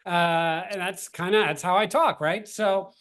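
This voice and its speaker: Slightly high, loose-talking startup founder man. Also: measured pace, a bit bright. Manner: loose, filler-heavy, slangy, many restarts. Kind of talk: casual interview chat.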